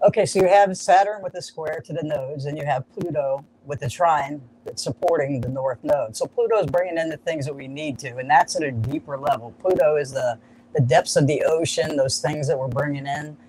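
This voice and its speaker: Male astrologer, higher-pitched, upbeat and explanatory, live stream, faint hiss. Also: brisk, a little mellow, poor audio.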